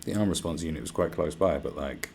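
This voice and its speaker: A man's voice: extremely low pitch, fast talker, creaky, a little mellow, a little hiss or hum. A man hosting a live stream, ranting casually with lots of swearing and sarcastic asides. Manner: profane, sarcastic, mocks others in put-on voices.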